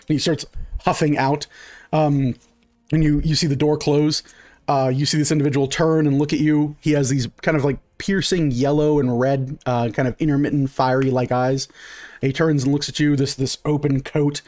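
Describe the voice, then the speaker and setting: A man with a slightly high voice narrating as game master. He rambles through his descriptions with plenty of fillers. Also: level tone, normal speed, darkish tone.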